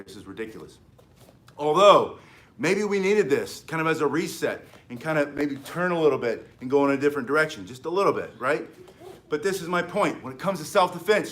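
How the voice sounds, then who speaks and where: A man's voice: a little high, fairly bright tone. A man who teaches martial arts, giving an emphatic, preachy talk to camera and acting out the voices of the people he quotes. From United States.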